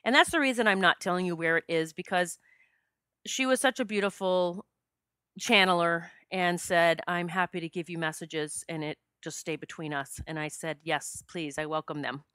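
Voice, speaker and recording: Middle-aged woman host, low voice, dry close mic, heartfelt personal storytelling. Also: steady tone, normal speed, a bit bright, clean tone, no echo. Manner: heartfelt, gets choked up and emotional. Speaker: podcast host.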